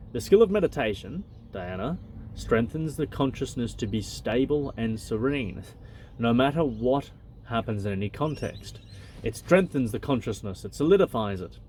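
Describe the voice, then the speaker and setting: A man alternates between reading a spiritual text aloud and adding his own blunt, swearing commentary. His voice sits at an ordinary middle pitch for a man. A faint background noise runs under the voice. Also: darkish tone. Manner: blunt, swears freely, loose and conversational. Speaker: channel host.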